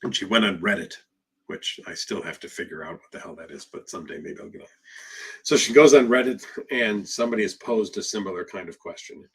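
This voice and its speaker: A man with a husky, rather low voice, speaking as a therapist in a live question-and-answer session. He talks frankly and emphatically, often asking rhetorical questions before answering them himself. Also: fairly quick. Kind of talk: live Q&A talk.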